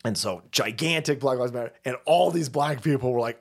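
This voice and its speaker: A man from the San Francisco Bay Area ranting profanely as a streamer, mocking and swinging between muttering and yelling. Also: medium pitch, fairly quick, vocal fry, slight background noise. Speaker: streamer and political commentator. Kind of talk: profane political rant.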